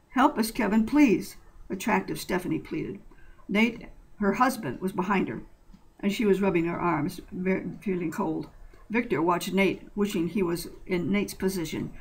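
Woman narrator, husky voice, storybook reading, steady, plain delivery. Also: lowish voice, rough recording. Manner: plain, steady, occasional slips.

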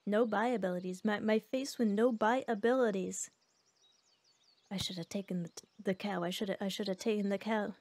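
A young woman streaming a game, chatting casually with her chat and reacting loudly to each round. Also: medium pitch, fairly even intonation, moderate pace, dry recording. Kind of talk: casual gameplay commentary. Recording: faint background music.

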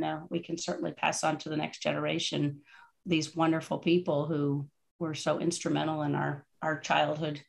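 A woman hosting a casual tribute chat over a video call, chatty and quick to laugh. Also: deep voice, creaky. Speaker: host.

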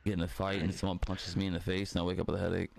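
A man's voice: deep voice, flat delivery, rapid-fire, vocal fry, darkish tone. A young man gaming with friends, chatting casually, profane and joking over a headset. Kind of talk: casual party-chat banter.

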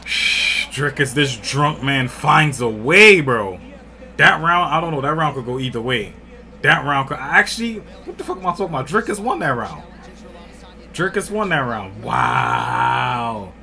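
A man giving excited live commentary on a fight he is watching, breaking into loud outbursts and swearing, alone at home. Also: mid-range voice, measured pace, gravelly. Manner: loud excited outbursts and profanity, often shouting and laughing. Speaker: fight reaction streamer. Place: home room with a cat.

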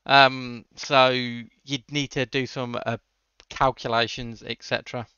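A man's voice: mid-range voice, level tone, takes it slowly, sharp tone, clean tone, dull audio. A man hosting a casual coding livestream, answering chat questions with dry jokes. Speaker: livestream host.

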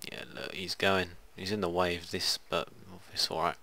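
A man's voice: deep voice, little pitch movement, moderate pace, bright, forceful tone, slight background noise. A man giving rambling, casual commentary while playing a strategy game. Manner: rambling, muttering asides to himself. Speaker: gaming video host. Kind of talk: casual let's play commentary.

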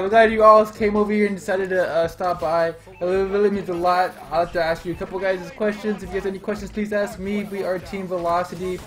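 Hyped high-voiced male streamer. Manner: excitable, loud, repeats phrases. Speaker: live streamer. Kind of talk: hyped live-stream chat to viewers.

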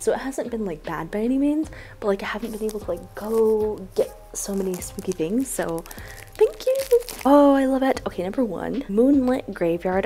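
Young female vlogger, casual unboxing chat, gushing and chatty, mid-range voice. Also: mid-range voice. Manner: excitable, gushing, says "like" often.

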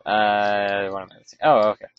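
A man's voice: on the low side, monotone, moderate pace, clean tone, lo-fi sound, soft background music. A man giving casual, rambling commentary over his own gameplay, often stopping to correct himself. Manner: rambling, self-correcting, offhand. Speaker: let's play commentator.

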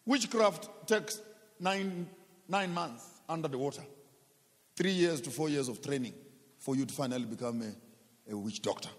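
A man preaching with a fairly high voice, pressing his points with rhetorical questions and repeated words. He slows down to drag out the words he stresses. His voice rings with the long echo of a big hall. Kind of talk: sermon. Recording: long reverb of a large hall.

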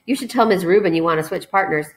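A woman's voice: lowish voice, quick pace, lightly acted. A woman voicing a smirking schoolboy bully. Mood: taunting. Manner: taunting, mock-innocent.

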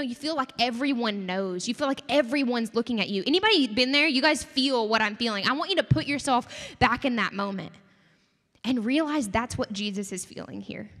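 A young woman giving a conversational, animated sermon to a campus group, often asking the audience questions. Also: fairly high pitch. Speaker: campus ministry speaker. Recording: long hall reverb.

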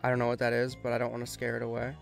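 A man's voice: medium pitch, completely flat delivery, vocal fry, faint music behind. Chatty young man commenting on a game. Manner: chatty, quickly frustrated, self-mocking. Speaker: let's play host. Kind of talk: casual gameplay commentary.

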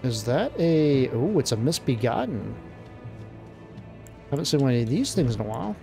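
Guy doing a lets play, middle pitched voice, gets excited and blurts stuff out, quiet game music behind. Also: normal speed, vocal fry. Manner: casual, excitable, blurts out exclamations. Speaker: gameplay commentator. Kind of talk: let's play commentary.

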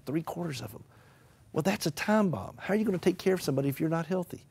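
Southern US man, middle-aged, rapid folksy interview guest with humor and soft hushed asides. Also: fairly high pitch, animated, creaky, breathy edge. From American South. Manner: storytelling, folksy humor, drops to a gentle hush. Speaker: author and caregiver advocate.

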